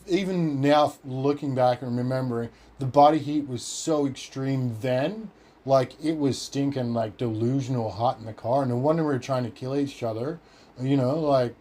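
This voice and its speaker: A man's voice: mid-range voice, warm tone. A man with an Australian accent, telling a story on his podcast in a rambling way, cursing freely and acting out what others said. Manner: rambling, profane, acts out quoted voices. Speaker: podcast host. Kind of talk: casual storytelling.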